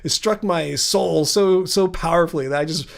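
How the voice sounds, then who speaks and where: A man's voice: a little high, moderate pace, gravelly. A man hosting a casual livestream, answering viewer comments in a chatty, earnest way, thinking aloud with frequent restarts. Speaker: livestream host.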